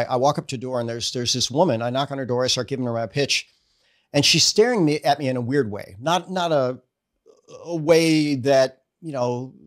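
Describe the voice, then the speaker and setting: Lively middle-aged man telling stories. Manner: animated storyteller acting out dialogue with quick pitch jumps. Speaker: guest, chiropractor and network marketer. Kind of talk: storytelling in a casual interview.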